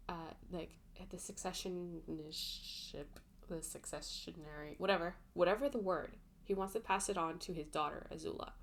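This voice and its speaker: Young woman doing a book rant vlog, lots of likes and you knows, bit of vocal fry. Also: medium pitch. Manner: chatty, filler-heavy, exasperated asides. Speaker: book vlogger. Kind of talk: casual book review rant.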